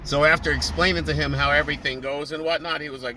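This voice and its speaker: A man's voice: fairly high pitch, fairly even intonation, quick pace, few pauses, pushed and bright. Guy talking while he drives, laid back storyteller, car and road noise all around. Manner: chatty, laughing, storytelling with quoted voices. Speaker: vlogger. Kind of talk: casual chat while driving. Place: car in traffic. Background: traffic noise.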